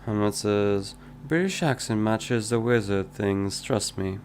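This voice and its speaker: A man's voice: on the low side, measured pace, few pauses, a little mellow, slight background noise. A man casually chatting on a live stream, reading viewer messages aloud and replying in a hesitant, musing way. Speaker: indie game developer streaming his work.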